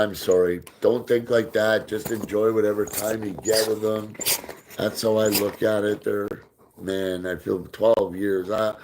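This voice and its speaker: Guy with a lowish voice doing a live stream, answers comments and coos at his dog in between tossing a ball. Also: background noise. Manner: reads out and answers viewer comments, often drops into soft baby talk for his dog. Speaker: livestream host. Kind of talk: casual live chat with viewers.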